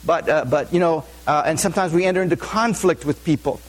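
Man preaching with a higher voice. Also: fast talker. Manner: asks the audience frequent questions; informal, with many fillers and restarts. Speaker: pastor. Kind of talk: conversational sermon.

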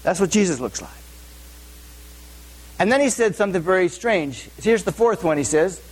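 A man's voice: high-pitched, lively intonation, normal speed, breathy edge. A male pastor giving a conversational sermon, often asking the audience questions. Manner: asks the audience frequent questions; informal, with many fillers and restarts.

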